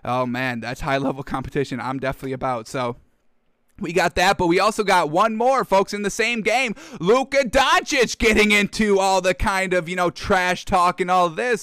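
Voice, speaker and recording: A man's voice: high-pitched, pushed and bright, clean tone, no room sound, clean studio sound. A man hosting a casual sports talk show, enthusiastic and chatty, often addressing his audience directly. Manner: enthusiastic, keeps addressing "folks".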